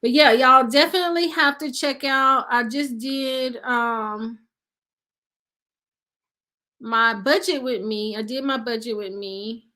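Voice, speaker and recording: High-voiced chatty woman live-streaming. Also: steady tone, slow pace, bright, forceful tone. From Nashville, Tennessee resident. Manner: chatty, addresses viewers as "y'all", laughs often. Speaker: livestream host. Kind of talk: casual live-stream chat reading viewer comments.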